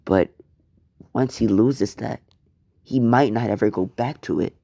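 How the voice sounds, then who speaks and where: A man voicing a blunt, urgent teen boy assassin, talking in a hurried, stammering way. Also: medium pitch, gravelly, dark tone, no room sound. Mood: alarmed.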